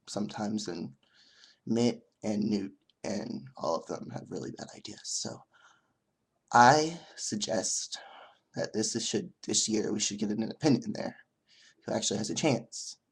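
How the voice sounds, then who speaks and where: A young man vlogging in a casual monologue, rambling and halting, with frequent restarts. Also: lowish voice, vocal fry, breathy edge.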